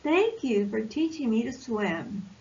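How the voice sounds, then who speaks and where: A woman voicing an eager, bold young male possum from a picture book, speaking in a quick, excited way. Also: fairly high pitch, highs cut off. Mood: happy.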